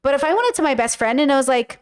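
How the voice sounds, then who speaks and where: A woman with a high voice talks straight to her viewers in a loose podcast monologue. She speaks frankly, swears casually and fills her sentences with "like". She slips into quoted lines as she makes her points. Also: big pitch swings, very fast. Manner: chatty, frank, many fillers, acts out quoted speech. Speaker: podcast host.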